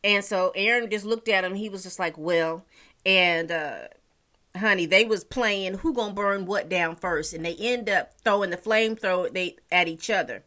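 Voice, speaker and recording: A woman's voice: mid-range voice, moderate pace, bright, forceful tone. A woman casually recapping a TV episode, chatty and storytelling, sprinkling in endearments like honey and child.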